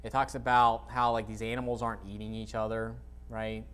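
Blunt pastor with a dry throat. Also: male voice, fairly low pitch, level tone, fairly quick, a bit bright, clear, resonant tone. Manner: conversational, blunt and dismissive with asides. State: dry throat, clearing it often. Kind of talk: informal sermon with scripture reading. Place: church sanctuary, speaking to a congregation.

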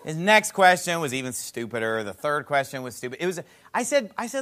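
A man preaching a sermon, telling an animated story about a phone call, asking rhetorical questions and laughing at his own jokes. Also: on the high side, brisk, hardly any pauses, clear, resonant tone. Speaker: pastor.

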